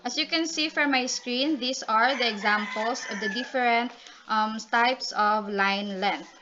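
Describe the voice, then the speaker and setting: A student reporter presents a class report, reading definitions with frequent ums and restarts. Her voice is on the high side and a little slow, and the lo-fi recording is dull with loud noise.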